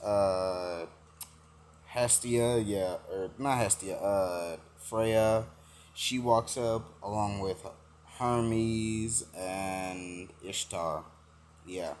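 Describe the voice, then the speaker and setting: A man's voice: lowish voice, slight background noise. A man casually retelling a fan-made story, rambling with many fillers and self-corrections.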